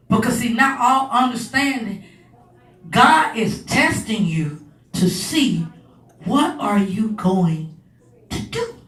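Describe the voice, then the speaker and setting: High, bright woman preaching in an echoey hall. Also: distant mic. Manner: builds from low, measured teaching to shouted, rising preaching. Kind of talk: sermon.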